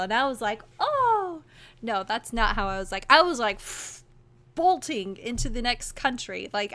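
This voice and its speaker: A young woman vlogging, telling a story to her camera in a chatty, animated way full of "like" fillers. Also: on the high side. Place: home room, wearing a costume.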